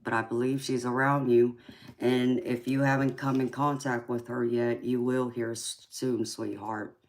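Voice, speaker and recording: Forties woman, Georgia Southern drawl, very deep voice, slow and sweet-talking tarot host, faint hiss. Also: little pitch movement. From California. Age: 40s. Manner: affectionate, calls viewers sweetheart, drawn-out filler ums. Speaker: tarot reader hosting a live chat. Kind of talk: casual live-stream chat and tarot reading.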